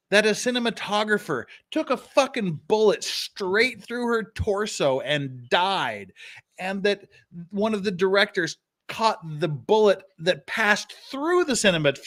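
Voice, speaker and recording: Animated, profane older male host. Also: high-pitched. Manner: animated, profane, digressive, laughing at own jokes. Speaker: host reacting to interrogation footage. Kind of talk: casual livestream commentary.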